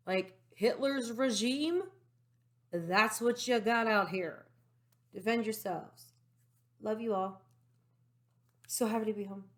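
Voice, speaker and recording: A woman talking to camera from her room at home, excited and rambling, with lots of fillers and side remarks. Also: medium pitch. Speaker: political vlogger. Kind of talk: casual monologue to camera.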